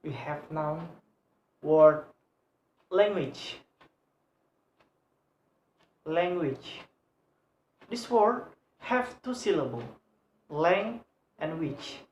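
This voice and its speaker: A young woman with an Indonesian accent, a student presenting a lesson on English word stress, halting and repeating example words over and over. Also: lowish voice, a little mellow, slight background noise. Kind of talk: slow read-aloud lesson on word stress. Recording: echoey room.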